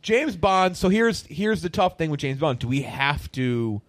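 A man's voice: fairly high pitch, a little slow, no room sound. A man hosting a casual group podcast, laughing and swearing as he runs a vote. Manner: laughing, swearing, lively moderating. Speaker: podcast host.

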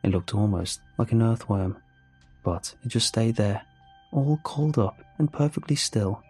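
A man narrating a first-person horror story in a measured, storytelling manner. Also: on the low side, lively intonation, a little mellow, breathy edge, faint music behind.

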